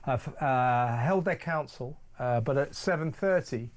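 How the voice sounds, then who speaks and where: A male British guest on live talk radio, speaking forcefully and repeating phrases for emphasis. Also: mid-range voice, a little slow. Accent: British English. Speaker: studio guest.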